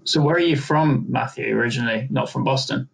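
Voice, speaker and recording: A man's voice: medium pitch, brisk, creaky. A man from the UK hosting a casual chat in an easygoing, friendly way.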